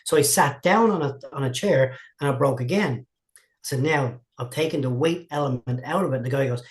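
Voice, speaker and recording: A martial arts instructor tells long, rambling stories in a casual interview, often repeating and restarting his words. His voice is medium-pitched and a little fast.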